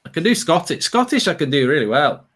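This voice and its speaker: Guy ranting over a football match, kinda high voice, swears a lot, jokey. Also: sing-song, quick pace, fairly bright tone. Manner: sweary, laughing, slips into silly put-on accents. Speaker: co-host of football watchalong. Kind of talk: casual chat over a live match.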